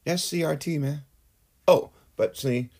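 A man's voice: on the high side, measured pace, warm tone. A man delivering a heated, profane political rant in his own vlog, swearing often and building into outbursts. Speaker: political commentator.

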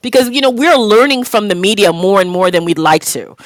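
A woman hosting a podcast in a candid, reflective chat, often stopping to restart her thoughts. Her voice sits at an ordinary middle pitch. The sound is dry and close, with no room around it. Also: animated, brisk, no room sound. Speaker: podcast host.

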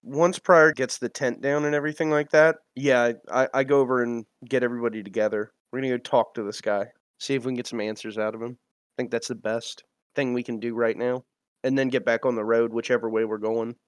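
A man's voice: medium pitch, fairly even intonation, brisk, clean tone, no room sound. A man playing a tabletop game in a blunt, practical way, chatting with his group. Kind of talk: casual game-table chat.

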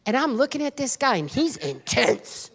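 A woman pastor preaches in an animated storytelling style, with her voice swooping high and low and sitting somewhat high. She speaks straight to the congregation, and long reverb from a big hall trails after every phrase. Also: moderate pace, slightly rough. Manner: animated, dramatic, addresses the congregation directly. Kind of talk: sermon storytelling.

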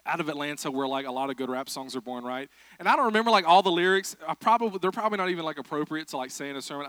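Bright-voiced preacher, joking. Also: male voice, high voice, clean tone, dry recording. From South Georgia, USA. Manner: joking, chatty, self-deprecating. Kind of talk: humorous sermon. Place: church.

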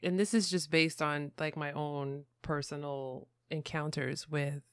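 A woman hosting a podcast, asking measured, thoughtful questions in casual talk. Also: low voice, steady tone, smooth, no room sound, studio quality. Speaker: podcast host. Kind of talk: casual interview chat.

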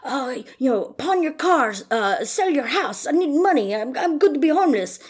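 A flustered young woman squeaks out her lines in a high, exaggerated voice, as a woman podcaster mimics her. It sounds like a quick impression, not a full performance. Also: animated, vocal fry. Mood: pleading.

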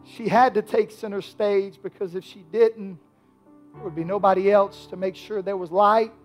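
A man preaching a sermon in a high, bright-toned voice, dropping to near whispers and then climbing into shouts. Faint instrumental music plays softly behind him. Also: fairly even intonation, moderate pace. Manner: preaching with swells from hushed to shouted. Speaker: pastor.

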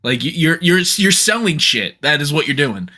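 Man co-host, gaming podcast, slightly high voice, blunt opinions, stop-start delivery. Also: sing-song, normal speed, pushed and bright. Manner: blunt and opinionated, many restarts. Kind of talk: casual gaming podcast chat.

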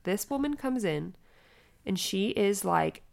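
Animated young woman telling a story. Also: mid-range voice, takes it slowly, gravelly. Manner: animated storytelling, acting out quoted lines in a raised voice. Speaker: podcast co-host. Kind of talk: casual chat.

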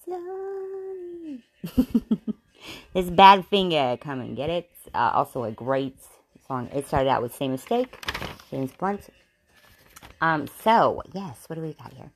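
A woman's voice: deep voice, animated, a little slow, pauses often, a little hiss or hum. A woman giving a casual tarot reading, swearing and laughing as she rambles with many fillers. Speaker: tarot reader.

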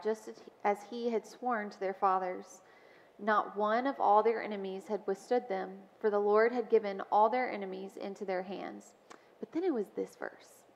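A woman sharing a personal testimony in church, speaking in a storytelling way with frequent ums. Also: medium pitch. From Mobile, Alabama. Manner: warm storytelling with frequent ums and soft laughs. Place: church sanctuary. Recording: dull sound with long church reverb.

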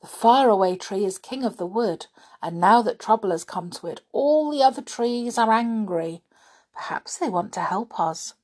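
A woman voicing a small, worried male red squirrel in a children's storybook, with a breathy voice. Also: medium pitch, expressive, normal speed, a little mellow, voice pushed up, close to an everyday voice. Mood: hopeful.

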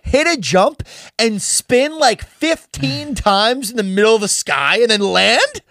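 A young man co-hosting a podcast, animated and swearing a lot in casual chat. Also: very high-pitched, unhurried, no room sound, studio quality. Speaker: podcast co-host.

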